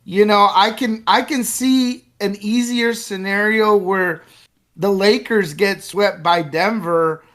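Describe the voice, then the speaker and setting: A man's voice: sits high, fairly even intonation, takes it slowly, fairly bright tone. A man co-hosting a podcast, talking sports in a chatty way with lots of "you know.". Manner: chatty, full of fillers and restarts. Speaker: podcast co-host. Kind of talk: casual sports chat.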